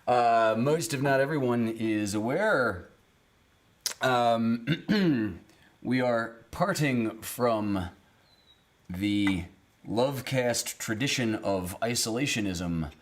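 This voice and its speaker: Slow-talking, easygoing male stream host. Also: mid-range voice. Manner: easygoing, greets chatters by name, chuckles at himself. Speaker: livestream music show host. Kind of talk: casual live-stream chat with viewers. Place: small cabin room, indoors. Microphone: streaming camera setup at home.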